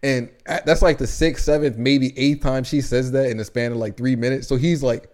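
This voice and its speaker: A man's voice: mid-range voice, fairly quick. A young man co-hosting a podcast, casually and animatedly retelling a play he acted in, with lots of "like" fillers. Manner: animated storyteller, many "like" fillers. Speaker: podcast co-host. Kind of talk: casual chat, recapping a play.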